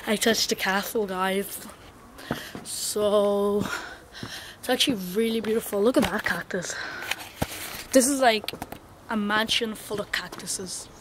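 A young woman chatting excitedly to her handheld camera while walking around outdoors, filling her talk with "like" and "guys". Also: mid-range voice, measured pace, long pauses. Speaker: vlogger. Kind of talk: casual travel vlog. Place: outdoors on a hot hillside and beach. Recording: noisy outdoor camera audio with wind.

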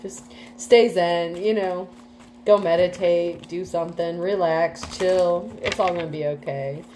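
A woman's voice: lowish voice, fairly even intonation, a little slow, warm tone, a little hiss or hum, low-quality recording. A woman doing a casual tarot reading, chatty and full of fillers, with some casual swearing. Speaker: tarot reader.

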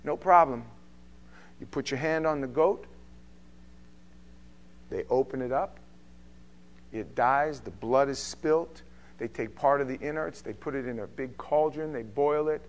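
A man preaching a sermon as pastor, emphatic, swinging between loud and quiet passages. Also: medium pitch, a little slow, long pauses. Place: church sanctuary.

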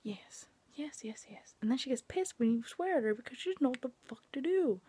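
Husky-voiced young woman venting in whispers. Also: high voice, expressive, quick pace, mellow, no room sound. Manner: frustrated and venting, swearing, often dropping to a whisper. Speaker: vlogger. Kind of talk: casual late-night venting vlog. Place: at home indoors.

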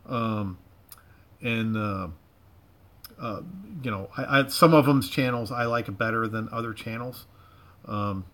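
A man's voice: on the low side, slow pace, pauses often, a bit bright. A middle-aged man from Florida with a Southern drawl and a touch of Cajun, hosting a rambling, folksy livestream from his garage. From Florida, USA. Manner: rambling, repeats himself, folksy slang. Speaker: livestream host. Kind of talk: casual livestream chat. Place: home garage.

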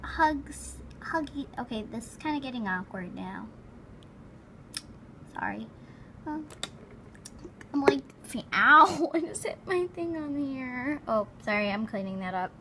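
A woman commenting on a game in a casual, chatty way. Her voice sits a little high and she takes her time, drawing words out. She is giggly and quick to throw in dramatic exclamations, with faint background noise behind her. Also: lively intonation, bright, forceful tone. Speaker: gameplay commentator.

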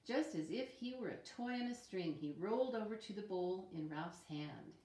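A woman reading a children's picture book aloud in a calm, expressive way. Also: mid-range voice, moderate pace. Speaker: storyteller. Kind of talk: children's story read-aloud. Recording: roomy echo.

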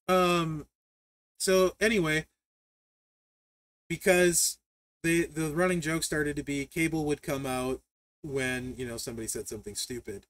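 A man hosts a live stream and tells stories in a lively, chatty way, laughing often. His voice sits a little higher than most men's. He talks through a desk mic. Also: unhurried, long pauses, dry recording. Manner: animated storyteller, laughs often, reads chat aloud. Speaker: livestream host. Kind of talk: casual livestream chat.

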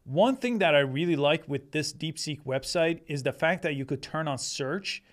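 A man reviewing and comparing AI chatbots, reading their answers aloud in a relaxed, conversational way. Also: fairly high pitch, moderate pace. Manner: conversational, reads results aloud while thinking. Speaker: tech reviewer. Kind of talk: screen-recorded product comparison.

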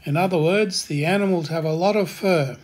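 A man hosting a step-by-step software tutorial, giving calm, plain instructions in a voice-over. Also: a little high, brisk. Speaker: tutorial host.

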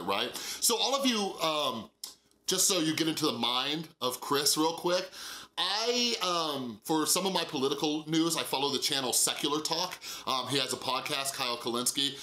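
A man's voice: fairly high pitch, expressive, moderate pace, pushed and bright, echoey room. A man with a nasal voice talking casually and earnestly to camera in a mental health vlog, full of fillers and asides.

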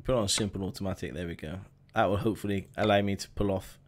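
A man's voice: sits low, fairly even intonation, fast talker. A young man chatting casually as he streams a driving game, greeting viewers by name and talking through each step. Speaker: gaming streamer. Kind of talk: casual live-stream commentary. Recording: faint truck engine noise behind.

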